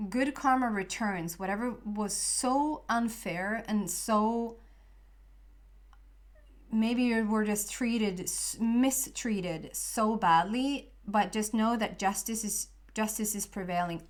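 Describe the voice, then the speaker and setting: A woman giving a casual spoken tarot reading, rambling with many fillers and restarts. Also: medium pitch. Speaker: tarot reader.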